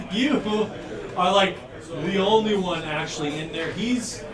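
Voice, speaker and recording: A man's voice: high voice, slow, roomy sound, distant mic, a crowd in the background. A man narrating a tabletop game as dungeon master, loose and rambling, laughing often.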